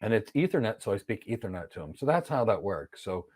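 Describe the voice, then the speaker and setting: A man teaching an online training lesson, explaining ideas through lively storytelling with acted-out dialogue. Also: lowish voice, quick pace, breathy edge. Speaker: instructor.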